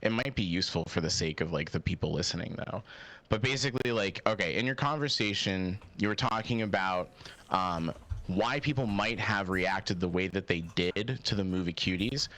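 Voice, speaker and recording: A man's voice: deep voice, moderate pace, fairly bright tone. A man interviewing a guest, questioning him carefully with many fillers and restarts. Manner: hesitant, filler-heavy questioning. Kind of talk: casual debate-style interview.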